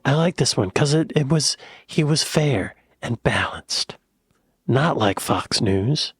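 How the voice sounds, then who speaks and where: American guy reacting to clips, husky voice, bouncy pitch, jokey, dry close sound. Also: expressive, slow pace, no echo. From United States. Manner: chatty, jokey, says y'all. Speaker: reaction video host. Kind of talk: casual reaction commentary.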